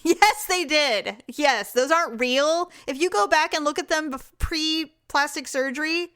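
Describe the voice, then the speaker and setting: A middle-aged woman co-hosting a podcast in easy, casual conversation. Her voice sits a little high for a woman. She reacts fast and laughs easily. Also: a bit bright. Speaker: podcast co-host. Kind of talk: casual chat.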